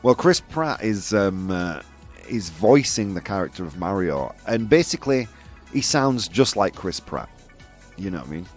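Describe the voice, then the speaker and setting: Male host of a live chat show: animated, teasing, laughs a lot, his pitch swinging high and low over faint music. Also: moderate pace. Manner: animated, laughs often, provocative asides.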